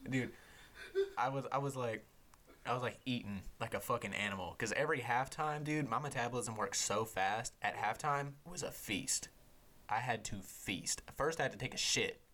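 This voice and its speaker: A young man hosting a podcast, telling animated, profane stories in casual chat. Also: medium pitch, normal speed. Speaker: podcast host.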